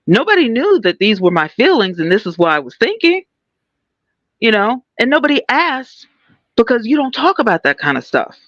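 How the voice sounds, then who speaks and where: A woman's voice: a little high, very animated, normal speed, fairly bright tone, no echo, dull audio. Candid woman podcast co-host, dry sound. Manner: candid, personal, many fillers. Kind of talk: casual podcast talk.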